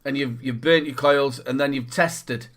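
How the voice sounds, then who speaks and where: Bright-voiced Northern English man chatting. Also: medium pitch, fairly even intonation, unhurried. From Northern England. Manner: rambling, repeats words, bursts into loud mock shouting. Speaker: podcast co-host. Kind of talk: casual chat.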